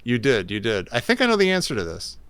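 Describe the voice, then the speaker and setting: A man's voice: mid-range voice, wildly swooping pitch, quick pace, fairly bright tone, clear, resonant tone, dry recording. A man co-hosting a podcast, running a trivia quiz with a wry, teasing manner. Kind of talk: casual chat.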